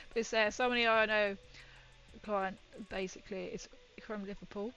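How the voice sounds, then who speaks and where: A woman's voice: mid-range voice, normal speed, fairly bright tone, soft background music, poor audio. A woman painting miniatures and chatting with viewers in a rambling, giggly way. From Britain. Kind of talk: casual chat while painting.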